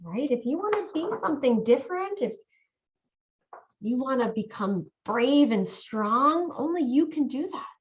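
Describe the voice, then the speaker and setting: Lively woman reading a picture book aloud. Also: on the high side. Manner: animated, asks the listening children questions. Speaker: volunteer reader. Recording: dull lo-fi audio.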